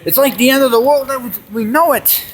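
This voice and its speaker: A man's voice: very high-pitched, fairly quick. A young man telling rambling jokes and stories in a comedy monologue, jumping between bits and put-on voices. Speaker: amateur comedian. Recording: faint background noise.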